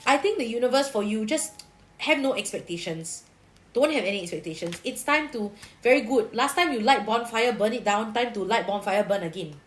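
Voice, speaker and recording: A Singaporean woman doing a livestream tarot reading, talking in a chatty, colloquial way sprinkled with Singlish particles. Her voice sits a little high, and she reassures the viewer like a big sister giving advice. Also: animated, brisk, soft background music. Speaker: tarot reader.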